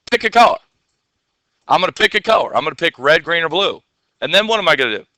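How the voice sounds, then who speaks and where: A man's voice: a little high, sing-song, racing, pushed and bright, dry recording. A man teaching a classroom coding lesson, asking his students questions and answering them himself.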